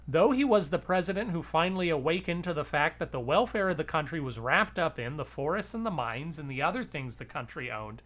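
Brief: man doing a gruff old president impression, clipped and blunt. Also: fairly high pitch, bright, forceful tone.

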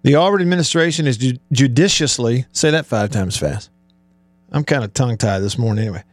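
A man's voice: mid-range voice, lively intonation, fairly quick, dry recording. A middle-aged man hosting a sports talk show, ranting with heated sarcasm and building emphasis. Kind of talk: live-streamed sports talk monologue.

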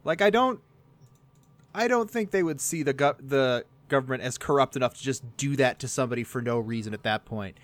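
A man's voice: mid-range voice, a little fast. A man co-hosting a podcast, chatting casually with a sardonic edge and casual swearing. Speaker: podcast co-host. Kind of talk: casual chat.

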